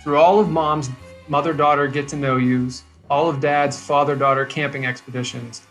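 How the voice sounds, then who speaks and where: A man's voice: fairly high pitch, steady tone, normal speed, fairly bright tone, soft background music, lightly acted. A man reading the lines of a worried teenage girl who keeps a pet alligator, in an earnest, chatty monologue. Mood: fretful.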